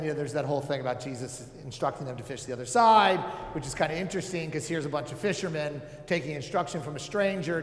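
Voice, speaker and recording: A man giving a casual, conversational sermon, with joking asides and many filler words. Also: on the high side. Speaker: preacher. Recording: echoey hall with long reverb.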